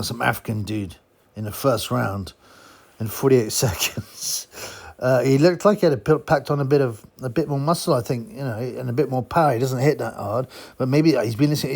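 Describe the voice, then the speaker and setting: A man's voice: medium pitch, a little mellow. A man giving a blunt, mocking, casual monologue as a boxing commentator. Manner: blunt, mocking, chuckling asides.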